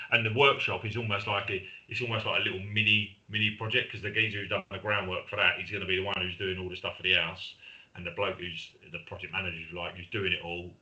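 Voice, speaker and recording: Middle-aged bloke, low and bright voice, chatty podcast co-host who tells stories. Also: male voice, lo-fi sound. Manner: chatty storyteller, acts out quoted friends. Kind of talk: casual chat.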